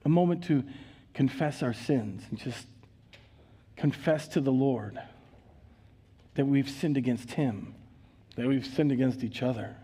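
A man with a Minnesotan accent preaching a sermon in a church, earnest, reading scripture with dramatic rises and leading prayer in a hushed voice. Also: mid-range voice, a little slow, long pauses, slightly rough. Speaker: pastor. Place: church sanctuary.

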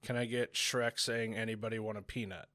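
Bright-voiced opinionated podcast guy. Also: on the low side, level tone, dry recording, clean studio sound. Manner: opinionated, chatty, quick to react. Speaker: podcast co-host. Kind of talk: casual chat.

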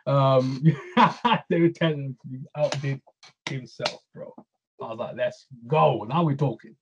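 A man's voice: mid-range voice, dull audio, noisy background. A man in casual chat, slangy and agreeable, calling people "bro". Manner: fast, slangy, agreeable, keeps saying "bro" and "yeah".

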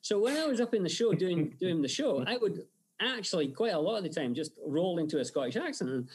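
A guest telling stories in a casual interview, animated and laughing often. His voice sits fairly high for a man and rattles along. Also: brisk, slightly rough. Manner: animated storyteller, laughs often, many fillers. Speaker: special-effects artist and director, guest.

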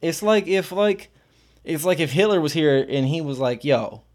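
A man's voice: a little high, normal speed. Rambling man reading and commenting. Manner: rambling, filler-heavy, blunt with profanity. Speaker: streamer. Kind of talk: casual commentary while reading aloud.

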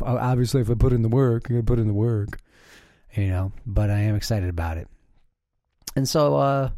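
A man's voice: on the low side, mellow, no room sound, studio quality. A man hosting a podcast alone, talking casually in a rambling, profane way with lots of fillers and restarts. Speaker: podcast host. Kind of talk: casual solo monologue.

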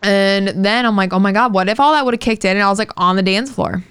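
A woman's voice: mid-range voice, quick pace, a bit bright, clean tone, dry recording, clean studio sound. A young woman co-hosting a podcast, telling a personal story in casual chat, candid and swearing freely. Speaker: podcast co-host.

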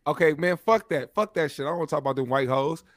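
A man co-hosting a podcast in casual, profane chat, chiming in with quick jokes. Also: on the high side. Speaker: podcast co-host.

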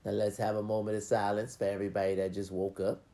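A man's voice: on the low side, monotone, fast talker, dark tone. Man, casual motivational talk, heavy swearing, acted-out grumbling. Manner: swears freely, acts out grumbling inner voices. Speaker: motivational talker. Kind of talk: casual profane pep talk.

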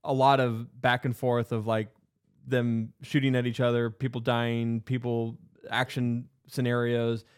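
A man's voice: mid-range voice, flat delivery, a little slow, smooth. A man casually retelling a movie's plot, rambling with lots of fillers and restarts. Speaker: podcast co-host.

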